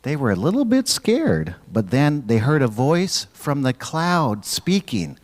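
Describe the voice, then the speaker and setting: A man leading a church children's message, gently asking the kids questions and waiting for their answers. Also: mid-range voice, very animated, unhurried. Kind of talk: children's sermon.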